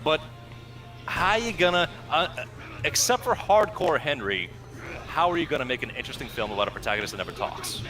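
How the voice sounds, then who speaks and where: A man's voice: a little high, animated, brisk, pushed and bright, faint music behind. A man co-hosting a gameplay video, talking in a musing, analytical, wordy way. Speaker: co-host gaming commentator. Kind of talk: casual gameplay chat.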